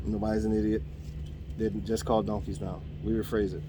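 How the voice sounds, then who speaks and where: A man's voice: lowish voice, flat delivery, normal speed, long pauses, background noise. A man, the host of a podcast, ranting in a casual, profane way about his coworkers. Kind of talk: casual rant.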